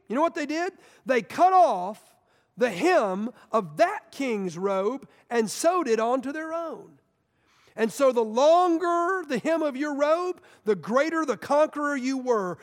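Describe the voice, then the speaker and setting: A man preaching a sermon as guest speaker, impassioned and dramatic, swinging between loud outbursts and hushed words, often repeating words as he builds. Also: very high-pitched, big-room sound.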